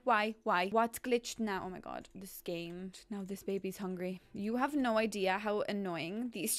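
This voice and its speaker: A woman's voice: medium pitch, a bit bright. A young woman giving live commentary on her own gameplay, pleading and exasperated, with frequent exclamations and laughter. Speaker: gaming YouTuber.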